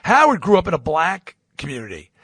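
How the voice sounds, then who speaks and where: A man's voice: wildly swooping pitch, brisk, husky, dry recording, studio quality. A man from Long Island, hosting a podcast, tells a rambling anecdote and acts out the people in it with big swings in voice. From Long Island, New York. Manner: acts out quoted voices with swings in pitch and loudness; rambling, with many restarts and asides. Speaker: podcast host. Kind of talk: animated anecdote storytelling.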